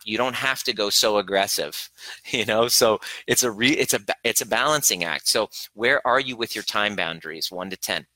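A man's voice: mid-range voice, pushed and bright, dry recording, rough recording. A man coaching a live online workshop on boundaries, blunt and swearing freely, acting out the voices in his head. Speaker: relationship coach.

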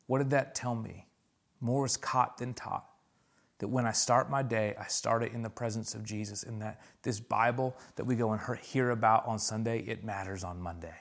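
A man's voice: medium pitch, vocal fry. A man preaching a sermon as pastor, calling out "come on" and pressing his points with rising intensity.

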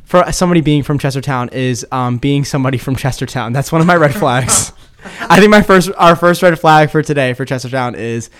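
Smooth-voiced young guy, giggly and rambling. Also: mid-range voice, brisk, fairly bright tone. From Kent County, Maryland. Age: 20s. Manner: giggly, self-deprecating, rambling with fillers. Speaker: guest. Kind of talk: casual podcast chat.

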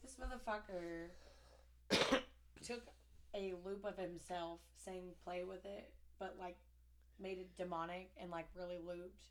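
A woman's voice: on the low side, fairly even intonation, measured pace, long pauses. A woman co-hosting a podcast, telling stories in a chatty way, laughing and swearing. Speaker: podcast co-host. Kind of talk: casual podcast chat.

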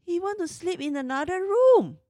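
A woman's voice: very high-pitched, very animated, moderate pace, mellow, no room sound, studio quality. A woman in her fifties tells a personal story in an emotional, exasperated way. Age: 50s.

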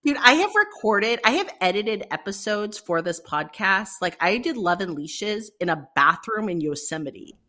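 Laughing, excitable woman podcast co-host. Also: medium pitch, moderate pace, hardly any pauses. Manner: laughing, excitable, swears freely. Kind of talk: casual chat.

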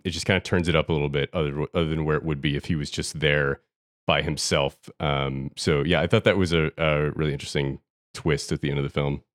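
A man co-hosting a film podcast, talking in a relaxed way with some swearing. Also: rumbling low, dry recording, clean studio sound. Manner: relaxed, casual with mild swearing. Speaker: podcast co-host. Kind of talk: casual film discussion.

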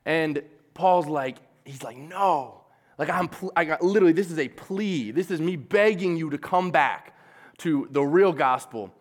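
Male preacher, slightly high voice, casual and animated sermon delivery. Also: a little slow. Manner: animated, casual, acts out quotes in a lively voice.

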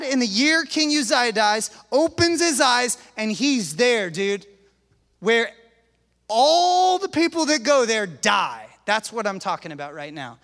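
A man with a high voice preaching a sermon in an unhurried, deliberate way. He drops casual slang into his animated delivery. His voice rings through a big hall with a long reverb tail.

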